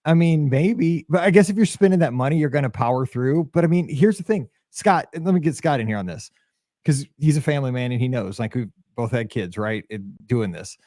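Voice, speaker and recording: A middle-aged man co-hosting a podcast, telling an animated story and acting out the quotes in casual chat. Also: mid-range voice, brisk, no echo, clean studio sound. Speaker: podcast co-host.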